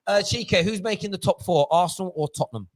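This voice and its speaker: A man hosting a football fan call-in show, loud, jokey and swearing as he banters with callers. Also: high-pitched, fast.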